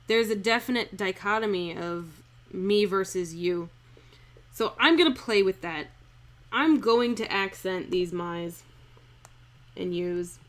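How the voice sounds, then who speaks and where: An unhurried woman talks through a verse speech like a casual live-stream acting lesson. Her pitch sits in an ordinary middle range, and she stretches lines out word by word to feel the meter, with a chatty, irreverent edge. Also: a bit bright. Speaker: acting coach streaming a script analysis.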